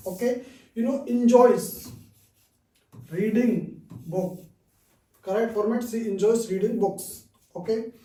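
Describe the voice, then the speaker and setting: A man teaching a grammar lesson, repeating each example slowly with frequent "okay"s. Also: high-pitched, mellow. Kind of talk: slow classroom explanation. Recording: roomy echo, distant mic.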